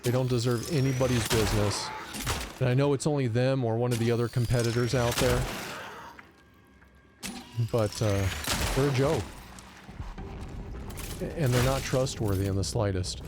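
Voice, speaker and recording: A man streaming a video game, telling stories in a loose, animated way and cursing often in casual commentary. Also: medium pitch, moderate pace, pauses often, very noisy. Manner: animated storytelling, profane rants.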